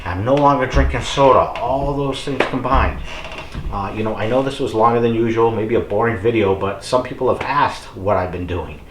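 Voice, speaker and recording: A middle-aged man with a lowish voice gives a rambling, encouraging talk to his viewers, full of "uh" and "you know". His voice sits in an echoey room with a faint hum of ambient noise behind it. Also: normal speed. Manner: chatty and rambling, with many fillers; encouraging, addresses viewers as folks. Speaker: fitness vlogger. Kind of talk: casual motivational talk to camera.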